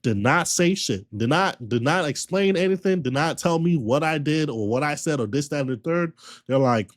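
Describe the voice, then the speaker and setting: A man's voice: on the high side, moderate pace. Slangy man ranting on stream. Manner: slangy, animated, repetitive retelling. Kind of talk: casual storytelling rant.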